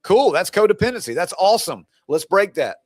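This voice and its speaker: Guy coach on a live stream, blunt and preachy, amped up, voice kinda high. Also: very animated, fairly quick, a little mellow, no room sound, clean studio sound. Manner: blunt, preachy and fired up, teasing the audience. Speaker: divorce and breakup coach. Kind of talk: live stream pep talk.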